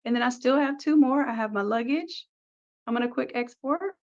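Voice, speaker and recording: Woman, design tutorial instructor, upbeat step-by-step walkthrough, higher voice, dull lo-fi mic. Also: moderate pace, a little mellow. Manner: upbeat, talks through each click step by step. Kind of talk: screen-recorded software tutorial.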